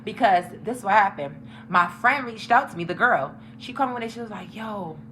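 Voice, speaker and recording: Young woman spilling a story to her viewers, bright voice, lots of swearing, bit of hiss behind. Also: medium pitch, brisk. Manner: animated, profane, talks straight to viewers. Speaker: vlogger telling a story. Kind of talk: casual storytime.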